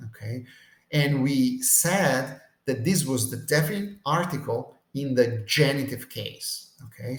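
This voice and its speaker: Man teaching Greek in a roomy echo. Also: mid-range voice. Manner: checks in with "okay?" after almost every point. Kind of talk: Bible language lecture.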